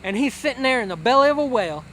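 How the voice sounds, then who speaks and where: A man's voice: very high-pitched, lively intonation, rapid-fire, fairly bright tone, a little hiss or hum. A man giving a brash, slangy comic sermon, lecturing listeners in a preachy rant. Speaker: satirical preacher character.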